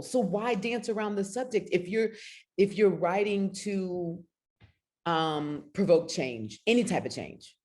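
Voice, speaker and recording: A middle-aged woman poet speaks on a video call, earnest and emotional, close to tears as she urges others. Her voice sits low but swings widely in pitch. The audio has the plain sound of a home call. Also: darkish tone. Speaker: spoken word poet. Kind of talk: casual talk on a video call.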